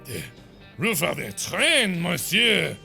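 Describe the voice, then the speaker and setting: A man voicing a pompous, slow-talking male detective with a put-on French accent. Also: high-pitched, big pitch swings, creaky, sharp tone, faint music behind, heavily acted. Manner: slow, grand, theatrical.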